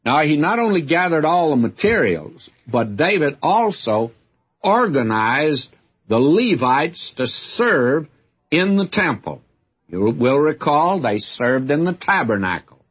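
Man, Bible teacher, folksy earnest sermon, husky voice, dull lo-fi broadcast sound. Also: fairly high pitch, sing-song, takes it slowly. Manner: folksy, earnest, direct address to listeners.

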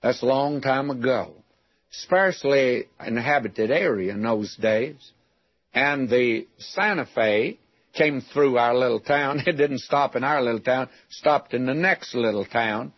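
An older preacher from West Texas teaches through a Bible passage in a folksy, homespun way, asking rhetorical questions and telling stories from his boyhood. His voice is a little husky, and the sound is dry and close. The recording is muffled and lo-fi, like an old radio broadcast. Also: mid-range voice, measured pace, no room sound.

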